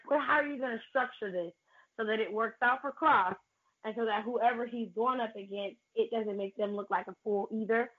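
Woman on a tinny phone-like line. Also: fairly high pitch. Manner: hesitant restarts, thoughtful. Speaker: podcast co-host. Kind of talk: casual chat.

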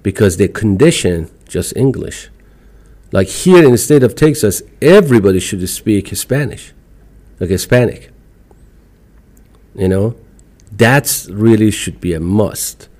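A middle-aged man from Iran with an Iranian accent, talking as a podcast guest in an animated, emphatic way, with non-native phrasing. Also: on the low side, measured pace, pauses often. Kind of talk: casual interview chat.

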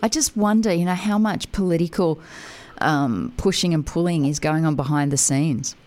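A woman with a very low voice hosts a casual radio interview. She talks in an easy, conversational way, often pausing on fillers. Her questions to her guest stay relaxed and chatty. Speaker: radio host.

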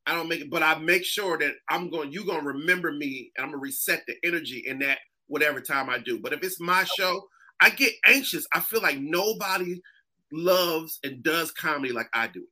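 Middle-aged male comic from Massachusetts, high and very bright voice, loose animated storyteller who slips into character voices. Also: fairly quick. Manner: animated, acts out voices in his stories. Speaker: stand-up comedian guest. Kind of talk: casual storytelling interview.

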